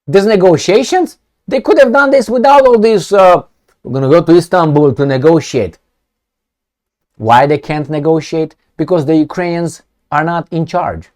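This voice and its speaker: A man's voice: a little high, normal speed, a little mellow. A man, a political commentator, ranting sarcastically and profanely while firing rhetorical questions.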